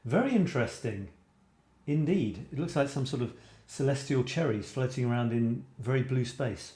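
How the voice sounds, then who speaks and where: A man chats casually on a live stream, musing aloud over viewer comments with plenty of ums and restarts. His voice is mellow and dark, and the recording has a roomy echo. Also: mid-range voice, lively intonation, moderate pace. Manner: chatty, musing aloud, frequent fillers and restarts. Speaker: host of a photography live stream.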